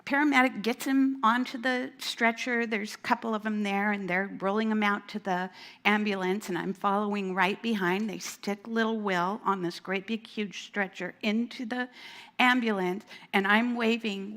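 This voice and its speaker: A woman's voice: mid-range voice, normal speed. Woman telling a school story. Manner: lively anecdote, acts out a small child's voice. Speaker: school administrator. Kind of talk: storytelling talk at a women's event. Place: church hall.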